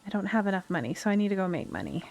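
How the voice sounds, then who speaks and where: A woman's voice: mid-range voice, animated, racing, darkish tone. A woman from the United States with a Western twang, chatting and rambling through stories while she streams a game. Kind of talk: casual chat while playing a game. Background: faint game music.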